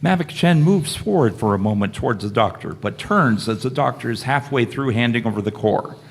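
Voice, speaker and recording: A man reads the stage directions of a live radio play in a plain, steady voice. His tone is slightly husky. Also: mid-range voice, brisk. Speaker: narrator.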